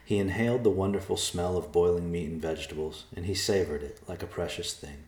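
A man narrating an audiobook in a measured, deliberate way. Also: deep voice, darkish tone. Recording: echoey room.

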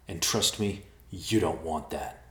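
Man voicing a hot-headed young man, forceful, threatening, deep voice, roomy. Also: slow pace. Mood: angry. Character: angry young male brother, hot-headed. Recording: roomy echo.

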